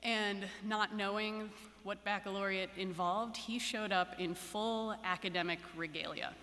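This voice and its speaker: A woman's voice: mid-range voice, steady tone, a little slow, pushed and bright. A woman professor giving a ceremony address, telling an anecdote with fillers and restarts, then leading a guided meditation. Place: large hall at a ceremony. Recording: echoey hall.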